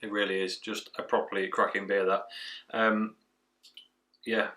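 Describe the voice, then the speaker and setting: A man's voice: on the low side, flat delivery, measured pace, pushed and bright, far from the mic. A man giving a chatty, rambling craft beer tasting review. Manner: chatty, rambling, trails off with fillers.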